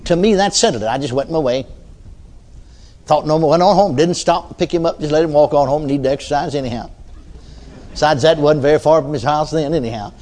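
A man's voice: fairly high pitch, fairly quick, a little mellow. An older man preaching a sermon in a folksy storytelling way, often adding amens and hallelujahs.

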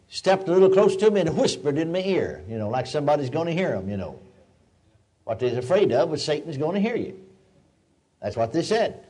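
A man's voice: a little high, warm tone. An older man preaching a sermon in a folksy, storytelling way, building to emphatic declarations.

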